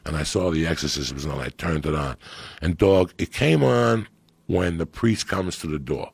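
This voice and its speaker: Gravelly raspy guy ranting about a movie, swears a ton, lowish voice, dry sound. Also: moderate pace, no echo. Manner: animated, swearing, acts out movie quotes. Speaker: podcast guest. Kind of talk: profane storytelling.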